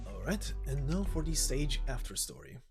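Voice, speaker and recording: A man narrating a game story in a measured way. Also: mid-range voice, wildly swooping pitch. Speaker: narrator and voice actor. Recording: faint background music.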